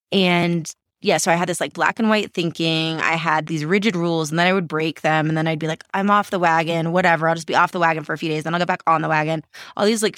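A woman's voice: on the low side, fairly bright tone, no room sound, clean studio sound. Candid, self-mocking woman in her forties. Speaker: podcast host. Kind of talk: casual interview answers.

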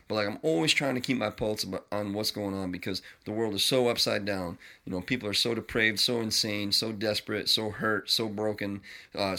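A man's voice: lowish voice, bright, forceful tone. A man hosting a podcast, talking in a blunt, profane, rambling monologue. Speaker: podcast host. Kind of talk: casual ranting monologue.

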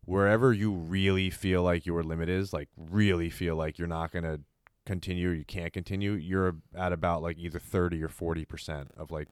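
A man's voice: low-pitched, fairly even intonation, a little fast, clear, resonant tone, dry recording, studio quality. A man in casual chat, musing reflectively about motivation with many "like" fillers.

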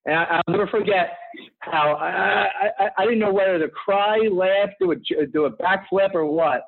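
A man in his thirties from Philadelphia, a podcast guest telling stories in an energetic, rambling way full of "you know" asides. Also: sits high, normal speed, creaky. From Philadelphia, USA. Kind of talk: conversational interview storytelling. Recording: tinny phone-like line.

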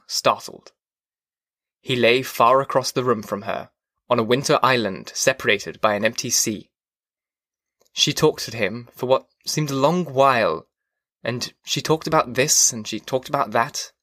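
Brief: male audiobook narrator, mid pitch, measured, dry close sound. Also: fairly bright tone, no echo. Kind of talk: scripted narration.

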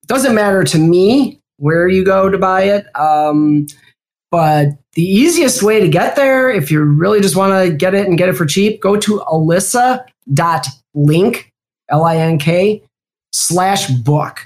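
A woman with a Midwestern American accent, chatting casually as an interview guest, quick and rambling with fillers. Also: on the low side, animated, a little mellow. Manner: chatty, talks in bursts with fillers. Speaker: guest, security executive.

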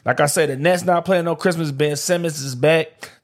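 Streaming live on camera, a solo sports podcaster from Detroit talks casually in a slightly high, steady voice at normal speed. His loose, slang-heavy talk keeps circling back to "like I said" and "man."

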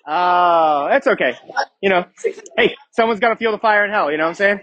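A man's voice: high-pitched, a little fast, no room sound, dull audio. A man in his thirties giving a casual, joking sermon to a youth group as youth pastor, often asking the crowd questions. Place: church youth room.

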